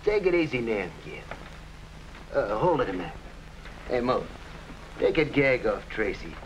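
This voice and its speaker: A sneering gangster boss. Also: male voice, medium pitch, very animated, a little slow, a little hiss or hum. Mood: gloating. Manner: sneering, gloating, hard-boiled. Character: scheming gangster boss Flat Top, grown man. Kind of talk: 1940s radio acting. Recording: dull old radio recording.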